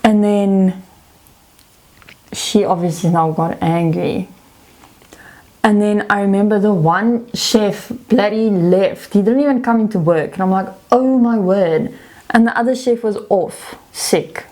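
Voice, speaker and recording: A young woman vlogger casually telling a story, retelling a frustrating job with animated energy. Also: medium pitch, measured pace.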